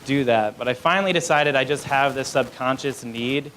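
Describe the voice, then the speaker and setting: A man's voice: medium pitch, normal speed, fairly bright tone, a little hiss or hum, poor audio. A young man doing a live stand-up set in a small club, rambling and self-deprecating, with many fillers. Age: young adult. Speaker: stand-up comedian.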